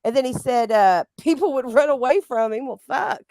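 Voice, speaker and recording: A woman's voice: sits high, lively intonation, normal speed, a little mellow, dry recording. A woman co-hosting a casual livestream chat, reacting eagerly and laughing often. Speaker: co-host.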